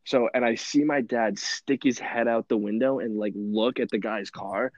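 A young man telling stories in a rambling podcast chat, animated and full of fillers and laughs. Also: mid-range voice, normal speed, dry recording, lo-fi sound. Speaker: podcast host. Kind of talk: casual storytelling chat.

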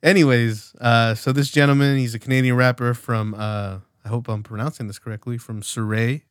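A man's voice: medium pitch, flat delivery, brisk, clean tone, no echo, studio quality. A man in his late twenties co-hosting a podcast, rambling casually with lots of fillers and swearing. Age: late 20s. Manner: rambling, loose, profane, many fillers. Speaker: podcast co-host.

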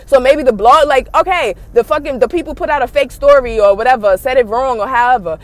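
A woman podcast host, ranting bluntly and profanely in animated commentary. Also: high-pitched, a little fast.

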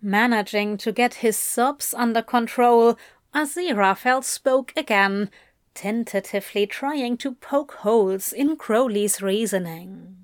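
Slow-paced woman reading a story. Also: fairly high pitch, dry recording, clean studio sound. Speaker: reader. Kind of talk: audiobook narration of fan fiction.

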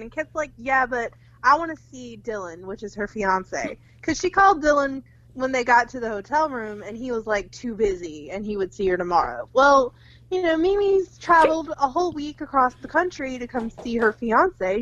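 A woman's voice: high-pitched, fairly bright tone, no room sound, highs cut off. A young woman co-hosting a podcast, casually retelling a movie plot with lots of "like" and quoted lines, swearing freely. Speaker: podcast co-host. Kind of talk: casual movie recap chat.

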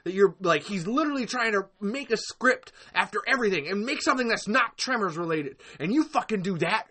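A high-pitched young man with a sharp, bright voice delivers a furious live-stream rant. He swears over and over, stumbles and restarts, and swings between yelling and muttering. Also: lively intonation, fairly quick, few pauses, slightly rough. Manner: furious, profane, repeating curses, trailing off. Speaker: podcast host.

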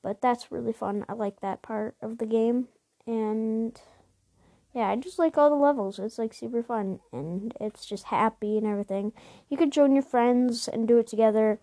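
A woman hosting a podcast, chatting casually about video games in a rambling way with many restarts and quick apologetic asides. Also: a little high, mellow, dry recording. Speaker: podcast host.

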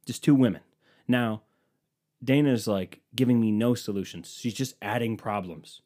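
A man's voice: on the low side, moderate pace, a little mellow. A man telling a comedic story in a casual, rambling way, sarcastic and full of swearing.

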